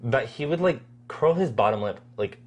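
A young adult co-host chats casually on a podcast at an ordinary middle pitch. The speaker retells movie scenes with lively, acted-out lines. The delivery is loose and conversational. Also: moderate pace, slightly rough. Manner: animated storyteller, acts out lines. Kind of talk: casual movie review chat.

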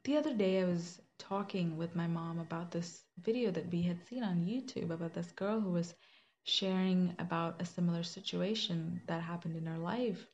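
Young woman, lower voice, earnest personal testimony, slightly muffled recording with faint hiss. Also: normal speed, darkish tone. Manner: earnest, conversational, with many fillers and restarts. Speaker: Christian speaker sharing a personal story.

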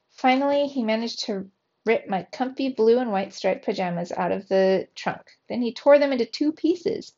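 A woman reading a storybook aloud to young students in an expressive, lively way, on a dull lo-fi recording. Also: mid-range voice, moderate pace.

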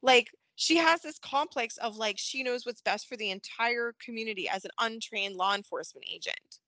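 A woman's voice: on the high side, normal speed, bright, forceful tone, no echo. A woman co-hosting a podcast, chatting animatedly about a soap opera, laughing often and acting out the characters' lines. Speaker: podcast co-host. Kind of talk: casual fan recap chat.

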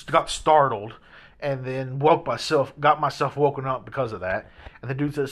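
A man's voice: mid-range voice, brisk, a bit bright. A young man casually rambling through a story in a hotel room, full of restarts and fillers. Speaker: vlogger.

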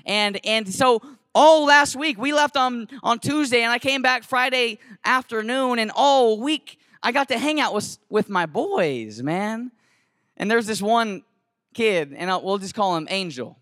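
Man, teacher, storytelling talk, slangy, animated, sharp tone. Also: very high voice, a little slow, dry recording, clean studio sound. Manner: animated and conversational, slangy, with many restarts. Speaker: teacher and camp cabin leader.

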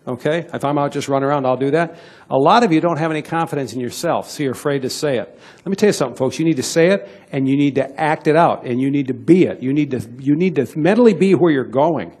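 A man's voice: a little high, fast talker, darkish tone, breathy edge. A middle-aged man giving a punchy, direct motivational sales talk to an audience, coaxing them and acting out little sales dialogues. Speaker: sales trainer.

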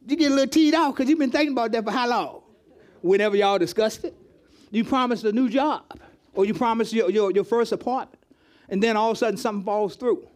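A man with a high voice preaches to his congregation in a loose, conversational style. He asks questions of people in the room and often repeats words as he goes. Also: fast, a little mellow. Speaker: pastor. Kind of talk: interactive sermon teaching. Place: church hall with congregation.

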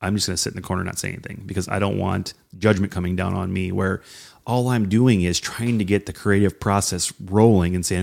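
A man co-hosting a casual talk on leadership, animated and often acting out what people say. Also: sits low, fast talker, gravelly. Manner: animated, acts out quoted voices. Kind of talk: casual conversation about leadership.

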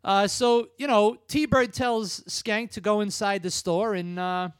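A man hosting a podcast, retelling film scenes casually with quick impressions. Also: high-pitched, steady tone, clean tone, no echo. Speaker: podcast host. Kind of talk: casual chat.

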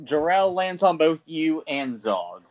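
Male game master, slightly higher voice, brisk rulings, faint background noise. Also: sing-song, lo-fi sound. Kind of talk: running a tabletop game.

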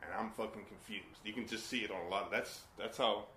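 A man hosting a podcast in casual chat, joking, swearing, and telling animated stories. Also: lowish voice, quick pace. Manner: profane, joking, animated storytelling. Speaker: podcast host. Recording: echoey room with faint background noise.

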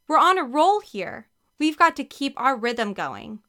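A woman voicing a sporty, confident young girl who speaks eagerly and forcefully in a storybook reading. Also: mid-range voice, measured pace.

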